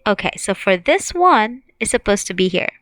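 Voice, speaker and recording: A woman teaching an online language lesson, saying each word slowly and clearly and repeating it for her students. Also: mid-range voice, sing-song, a bit bright, no room sound, low-quality recording.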